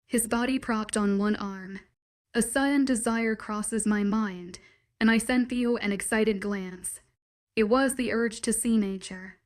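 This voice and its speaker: A woman narrating a first-person romance story in a steady, soft-spoken way. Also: mid-range voice.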